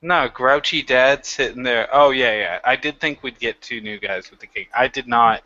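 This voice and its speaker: A man's voice: mid-range voice, moderate pace, pushed and bright. A man co-hosting a casual wrestling chat, laid back and swearing casually. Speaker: co-host. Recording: dull lo-fi mic.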